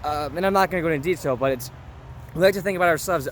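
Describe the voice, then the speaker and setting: A young man with a fairly high voice talks through a scripture story in an informal, chatty vlog manner, often tossing in quick check-ins with the listener. He is recorded outdoors, with steady street traffic clearly heard behind him. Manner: informal, chatty, keeps asking "right?". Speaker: vlogger. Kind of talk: casual commentary on scripture.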